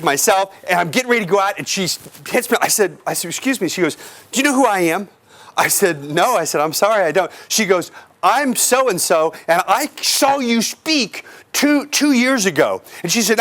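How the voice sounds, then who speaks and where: A man giving an energetic real estate sales training seminar to a live audience, asking the crowd questions and acting out clients. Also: sits high. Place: office or meeting room with an audience.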